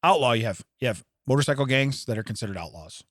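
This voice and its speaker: A man's voice: mid-range voice, expressive, a bit bright, no room sound, clean studio sound. A man co-hosting a comedy podcast, chatting casually, laughing often and riffing on the topic. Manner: laughs often, riffs with quick put-on voices. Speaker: podcast co-host.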